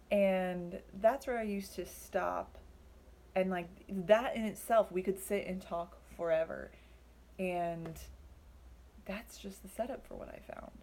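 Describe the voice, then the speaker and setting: A young woman teaches a Bible passage in an easygoing, chatty way, full of fillers and animated quotes. Her voice is warm and mellow, with a faint hiss in the background. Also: medium pitch, unhurried. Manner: chatty, filler-heavy, acts out quoted lines. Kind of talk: casual Bible study talk.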